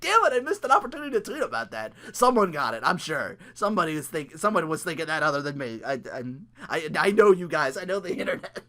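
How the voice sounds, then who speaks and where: A man's voice: fairly high pitch, very animated, fast, hardly any pauses, a bit bright. A young man recapping a wrestling match in a casual, rambling way, swearing often, laughing a lot and trailing off mid-thought. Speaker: wrestling reaction vlogger.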